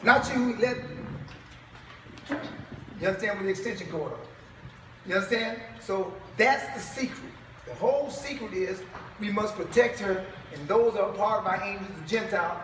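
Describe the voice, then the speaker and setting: High-voiced preacher man in an echoey hall. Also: normal speed, long pauses, a bit bright, a little hiss or hum. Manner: emphatic, calls out rhetorical questions to the crowd. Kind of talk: preaching to a live congregation. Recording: echoey hall, far from mic.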